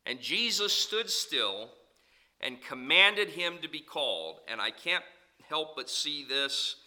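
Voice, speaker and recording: A man preaching as a pastor, swinging between loud calls and soft, low asides. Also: very animated, slow. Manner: preaching with sweeping rises and drops in pitch and volume. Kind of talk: sermon.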